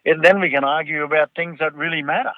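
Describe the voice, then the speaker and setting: A man's voice: a little high, fairly even intonation, quick pace, no room sound. An Australian man, a guest author and storyteller, talking animatedly in an interview and repeating words as he builds a thought. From North Queensland, Australia. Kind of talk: conversational interview. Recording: tinny phone-like line, dry.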